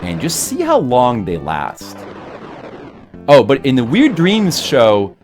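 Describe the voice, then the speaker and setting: A man's voice: medium pitch, wildly swooping pitch, takes it slowly, darkish tone, faint music behind. A man streaming a game, rambling casually to his chat and now and then putting on a mock rage. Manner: rambling, chats with viewers, bursts into mock rage.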